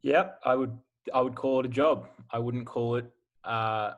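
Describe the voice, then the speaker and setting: With the highs cut off in the audio, a medium-pitched Australian man in his twenties speaks a little slowly. The college football player is relaxed and open as a podcast guest, his casual interview laced with "like."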